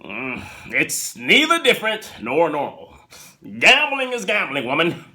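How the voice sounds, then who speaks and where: A man's voice: medium pitch, lively intonation, unhurried, pushed and bright, full character voice. A man voicing a stern, disapproving middle-aged husband who lectures his wife indignantly. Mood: scolding.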